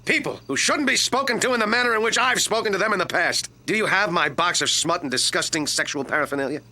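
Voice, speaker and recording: An actor playing a crude, lecherous cartoon duck detective who rants and whines in self-pity. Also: male voice, sits high, quick pace, bright, forceful tone, a little hiss or hum. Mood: sheepish. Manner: brash, sleazy, self-pitying rants.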